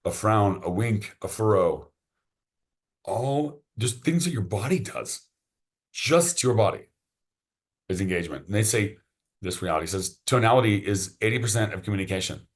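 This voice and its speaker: A man's voice: on the low side, animated, normal speed. A man, a podcast guest, chatting casually and enthusiastically, often restarting his sentences. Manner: enthusiastic, rambling, repeats words when starting sentences.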